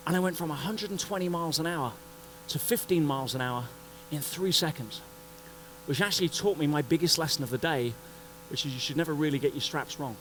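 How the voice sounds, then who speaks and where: A man giving a motivational talk at a conference, telling a story in an animated way and acting out the scenes. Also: on the high side, brisk, a little hiss or hum, rough recording. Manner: animated, acts out scenes and voices. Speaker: conference speaker. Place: conference stage before an audience.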